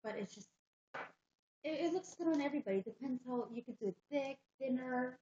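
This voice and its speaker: A woman with a fairly high voice gushes about makeup on a casual livestream. She repeats her praise again and again. The room is echoey and the sound is dull. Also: expressive, fairly quick, dark tone. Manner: enthusiastic, gushing, repeats herself. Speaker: livestream co-host.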